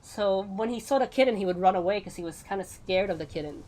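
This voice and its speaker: Streamer, female, mid-pitched voice, casual rambling chat to viewers during a game stream. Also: quick pace, warm tone. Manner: rambling, tangent-prone, frequent laughs. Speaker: VTuber streamer.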